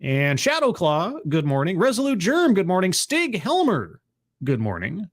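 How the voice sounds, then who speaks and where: A man's voice: high-pitched, wildly swooping pitch, unhurried. Chatty sardonic male stream host. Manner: chatty, sardonic, greets chat by name. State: voice not fully warmed up. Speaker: livestream host. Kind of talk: casual livestream commentary.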